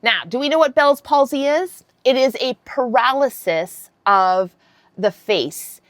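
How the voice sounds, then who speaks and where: Her voice sitting high and her pace measured, a fifty-something vlogger bluntly recounts a story with lively energy and plenty of swearing. The recording is dry, and the setting is a casual vlog.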